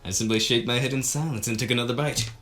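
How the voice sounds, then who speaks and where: A woman reading a visual novel aloud, with theatrical commentary and sudden laughing shouts. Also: extremely low pitch, steady tone, fast talker. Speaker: game streamer.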